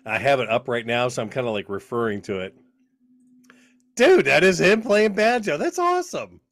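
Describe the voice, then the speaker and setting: Man, enthusiastic podcast co-host; lively pitch, dry sound. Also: moderate pace, no room sound. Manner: enthusiastic, says "dude" often. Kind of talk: casual chat.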